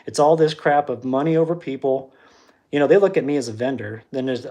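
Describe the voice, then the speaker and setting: A male livestream host tells a story casually and animatedly, acting out the quoted exchanges and restarting often. His voice is mid-range and brisk.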